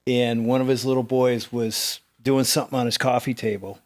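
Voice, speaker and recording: A man's voice: mid-range voice, moderate pace. A middle-aged man co-hosting a casual chat, telling stories and acting out the voices of people in them. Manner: animated storyteller, acts out quoted voices. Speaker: co-host.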